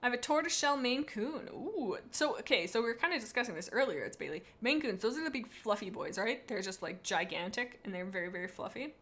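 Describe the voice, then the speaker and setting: A woman's voice: fairly high pitch, big pitch swings, quick pace, few pauses, a bit bright. A woman on a live stream, rating viewers' pet cats in a playful, rambling way and reading chat comments aloud into a desk microphone.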